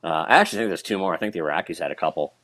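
A man, a military veteran, telling a war story in a halting way with many restarts and fillers. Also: low-pitched, animated, a bit bright, no room sound. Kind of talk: casual storytelling.

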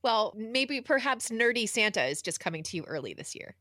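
A woman's voice: a little high, big pitch swings, brisk, a bit bright, dry recording, clean studio sound. Easygoing, chatty woman podcaster. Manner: easygoing, chatty, laughs readily. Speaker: podcast co-host. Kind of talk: casual podcast chat.

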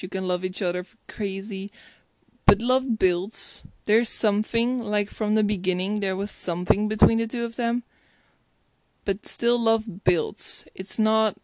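Speaking unhurriedly in a steady, mid-range voice with no room sound, a female film reviewer talks about a romantic picture. Her commentary is loose and thoughtful, full of laughs and restarted sentences.

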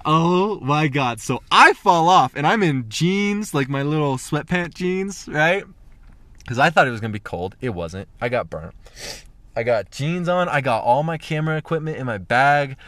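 A man's voice: a little high, very animated, normal speed, fairly bright tone, dry recording. A young man telling a profane, rambling story about a mishap, with lots of fillers. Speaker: vlogger. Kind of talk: casual storytelling.

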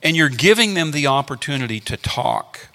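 A male preacher with a bright, forceful, gravelly voice delivers an earnest teaching sermon, circling back to his phrases for emphasis. The sound rings with a long reverb, like a big hall. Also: fairly high pitch, big pitch swings, moderate pace.

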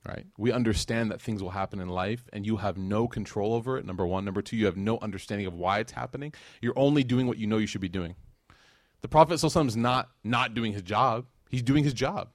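A man in his thirties giving a conversational religious lecture, telling family stories with animated delivery. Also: fairly low pitch, quick pace, no room sound, clean studio sound. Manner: animated storytelling, acts out his son's lines. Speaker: Islamic lecturer.

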